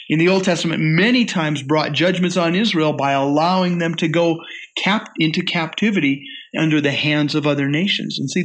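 Earnest man preaching a sermon. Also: a bit bright. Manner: earnest, rises and falls in pitch with emphasis when reading scripture. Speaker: Bible teacher. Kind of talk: sermon teaching.

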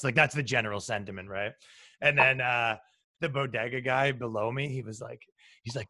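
A man's voice: mid-range voice, brisk, no echo. A man chatting casually on a podcast, telling rowdy anecdotes with lots of swearing. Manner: profane, animated storyteller. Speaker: podcast guest, touring ska musician. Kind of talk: casual chat, storytelling.

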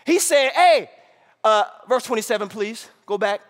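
A man preaching a sermon in a church hall, peppering it with "right?" and swinging between shouted lines and hushed asides. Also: sits high, normal speed. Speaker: pastor.

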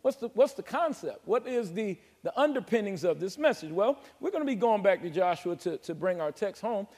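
A male pastor preaching a sermon in a church, calling on the congregation to answer back and slowly drawing out scripture verses. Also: high-pitched, expressive, a little mellow. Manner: emphatic call-and-response preaching, drawn-out scripture reading. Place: church sanctuary. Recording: long hall reverb of a church.

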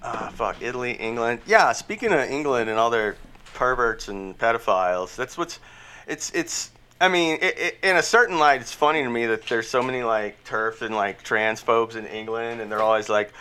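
A man co-hosting a casual comedy podcast, sarcastic and quick to laugh. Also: mid-range voice, sharp tone, clear, resonant tone. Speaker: podcast co-host.

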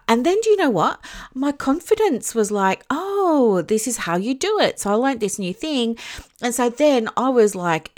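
A woman, a psychologist, telling a personal story in a chatty, rambling way with lots of fillers. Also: fairly low pitch. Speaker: psychologist and private practice coach. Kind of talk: casual storytelling.

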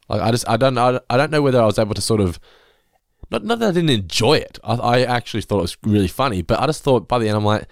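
An Australian man in his thirties, co-hosting a casual chat, animated and sweary. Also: fast, vocal fry, no room sound, clean studio sound. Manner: animated and sweary, swings into high excited bursts. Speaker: podcast co-host.

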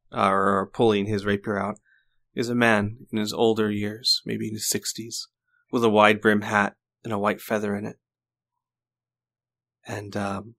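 A man narrating a tabletop game as game master, describing the scene in a halting way. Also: lowish voice, a bit bright.

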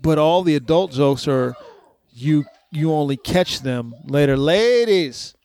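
A man co-hosting a casual podcast, his voice carrying a gravelly edge. He tells stories with energy, laughs often and swears without a second thought. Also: fairly high pitch, measured pace. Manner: animated storyteller, laughs often, swears freely. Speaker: podcast co-host.

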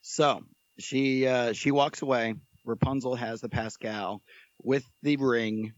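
A man guest on a podcast telling a story in a casual, animated, joking way. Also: medium pitch, slow pace, dry recording, dull audio.

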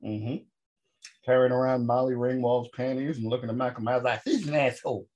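A man co-hosting a podcast, recapping a horror movie with sarcastic jokes. His voice sits mid-range, and he leaps suddenly upward in pitch when he lands a punchline. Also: brisk, dull audio. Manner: animated sarcastic storytelling with sudden pitch jumps. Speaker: podcast co-host. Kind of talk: casual comedic film review chat.

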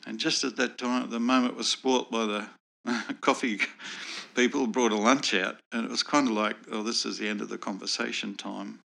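A man's voice: medium pitch, fairly even intonation, normal speed, creaky, sharp tone. A man earnestly telling a personal faith story as a guest in a conversational interview. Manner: earnest, reflective. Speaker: guest sharing personal testimony.

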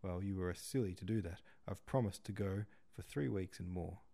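Offhand young woman, dark mellow read, voiced by a male narrator. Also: low-pitched, normal speed, creaky. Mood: breezy. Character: young woman, breezy and self-absorbed.

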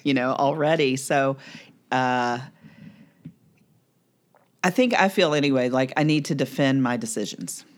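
A woman's voice: extremely low pitch, unhurried, long pauses. A woman co-hosting a podcast, telling a personal story in casual chat with frequent laughter. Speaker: podcast co-host.

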